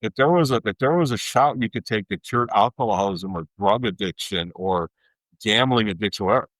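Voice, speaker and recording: A man's voice: on the low side, brisk, fairly bright tone, no room sound, poor audio. A man hosting a podcast, talking in an emphatic, worked-up rant. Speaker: podcast host. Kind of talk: casual chat.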